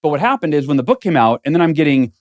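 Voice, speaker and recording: A man's voice: on the high side, big pitch swings, racing, highs cut off. A man as a guest author in an interview, talking earnestly and thinking aloud in a studio. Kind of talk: casual interview conversation.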